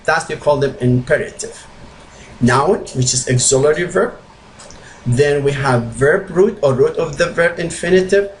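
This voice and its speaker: A male English teacher explaining grammar step by step, slow and repetitive, with non-native slips in his phrasing. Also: a little high, a little hiss or hum, low-quality recording. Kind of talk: grammar lesson.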